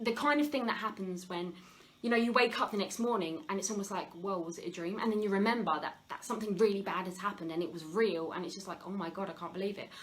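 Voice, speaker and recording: A woman hosts a live health talk in a Q&A format, sharing openly and confessionally about her past with many fillers and restarts. Her voice is medium-pitched, and the recording quality is low.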